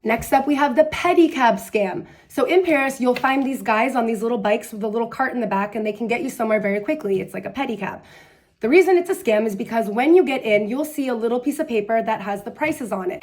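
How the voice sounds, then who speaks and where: Brief: woman vlogger, rapid chatty delivery, fairly high voice, blunt and sarcastic. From United States. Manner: chatty, animated storytelling with quoted voices. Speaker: travel vlogger. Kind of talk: casual advice vlog.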